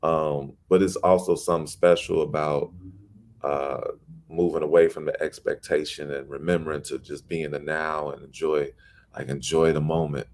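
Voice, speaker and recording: A man's voice: rumbling low, level tone, normal speed, a little mellow. A middle-aged man from Chicago, a poet guest telling stories in a casual interview and animatedly acting out the people he quotes.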